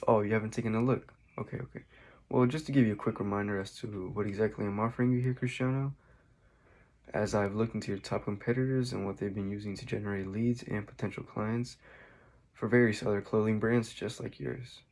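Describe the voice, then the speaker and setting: A man's voice: lowish voice, fairly even intonation, fairly quick, a little mellow. A man making a scripted sales call to a prospect, delivering it in a subdued, meek way.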